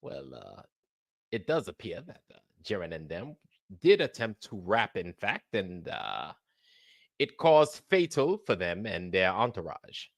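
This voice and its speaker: A man doing a mock British accent, voicing a solemn male studio news anchor who speaks low and measured. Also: huge pitch swings, vocal fry, no echo, heavily acted. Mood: grave. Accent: put-on British. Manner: hushed, grave, measured.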